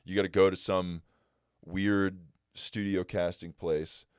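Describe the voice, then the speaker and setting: A young man telling stories in a casual podcast chat, laid-back, with animated quoted voices. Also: low-pitched, slow, smooth, dry recording, clean studio sound. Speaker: guest comedian.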